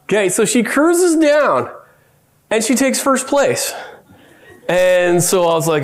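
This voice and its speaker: A middle-aged man giving a conference keynote, telling family stories with lively quoted voices. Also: high-pitched, moderate pace, smooth. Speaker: keynote speaker. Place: conference hall.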